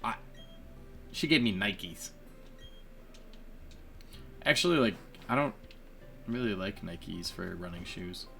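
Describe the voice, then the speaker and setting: A man's voice: sits low, lively intonation, takes it slowly, gravelly, pauses often, bright, forceful tone, soft background music. A man giving casual, chatty commentary on his own gameplay, laughing often and poking fun at himself. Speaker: let's play gamer.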